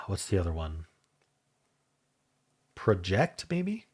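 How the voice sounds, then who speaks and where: A man's voice: low voice, big pitch swings, slow, darkish tone, breathy edge. A man hosting a puzzle game channel, thinking aloud in a casual, hesitant way as he works through word puzzles. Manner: muses aloud, hesitant and self-correcting.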